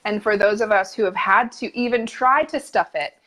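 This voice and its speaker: A woman's voice: mid-range voice, moderate pace, fairly bright tone, rough recording. A woman hosting a podcast who speaks in an earnest, reflective way about her own experiences. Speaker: podcast host. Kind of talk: casual conversation.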